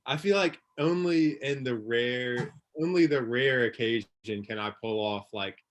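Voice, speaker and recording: Brief: young male co-guest, average pitch, loose and laid-back, quick to laugh. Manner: relaxed, filler-heavy talk with easy laughs. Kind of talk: casual chat on a livestream.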